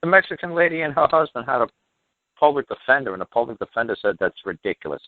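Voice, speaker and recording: A man's voice: medium pitch, animated, fast talker, no echo. A man speaking as the guest expert on a call-in show, lecturing emphatically, repeating himself and sounding exasperated. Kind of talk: heated call-in talk. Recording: dry, tinny phone line.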